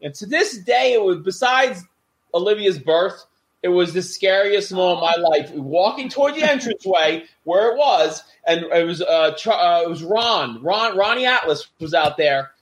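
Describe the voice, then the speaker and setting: At a moderate pace, with a voice that sits high, a middle-aged ex-wrestler casually tells backstage stories. He acts out quoted voices and stays animated throughout.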